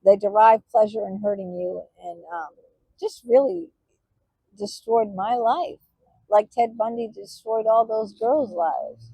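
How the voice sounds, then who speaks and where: Halting, emotional woman with a husky voice. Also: fairly high pitch, warm tone, no room sound, muffled recording. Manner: emotional, halting, many fillers and restarts. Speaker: vlogger. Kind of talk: personal talk to camera.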